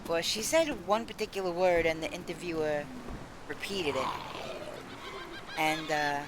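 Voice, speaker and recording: A woman's voice: low voice, a little slow, background noise. A woman with a New York accent chatting casually while she streams a zombie shooting game. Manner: chatty, animated, lively storytelling. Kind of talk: casual gameplay chat. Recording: loud game gunfire under voice. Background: zombie shooter game sounds and gunfire.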